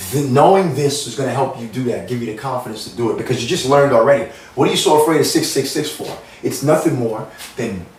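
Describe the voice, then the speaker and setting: Man rambling in a roomy distant recording. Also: mid-range voice. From United States. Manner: meandering, repetitive, earnest. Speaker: spiritual channel host. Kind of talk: rambling spiritual monologue. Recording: roomy sound, mic at a distance.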